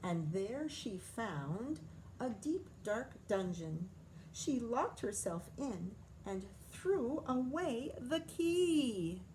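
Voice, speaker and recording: A woman teacher reads a picture book to children in a slow, sing-song voice that rises and falls a great deal. She pauses to muse aloud and ask questions. Her voice sits on the high side, with faint room ambience behind her. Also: a little hiss or hum. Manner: expressive, stops to comment and ask questions.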